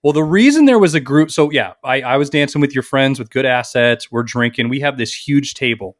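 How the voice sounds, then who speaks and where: A man of middle pitch from the Las Vegas area tells a party story on a podcast with boisterous energy. He talks loudly and acts out the quoted lines. The sound is dry and close to the mic. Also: a little fast, no echo. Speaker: podcast co-host. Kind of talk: casual storytelling chat.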